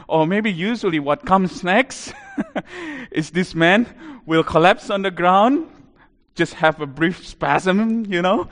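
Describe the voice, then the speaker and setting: A male preacher delivering a sermon in a fairly high voice. He tells the story animatedly, rising and falling in loudness, and the sound carries a long hall reverb.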